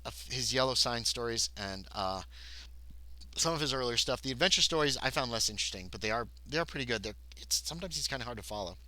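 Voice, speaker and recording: A man's voice: mid-range voice, rough recording. A man casually narrating a solo tabletop horror game on a livestream, reading passages aloud and chatting with viewers. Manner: chatty, reads text aloud, thinks out loud. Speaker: solo game player and streamer.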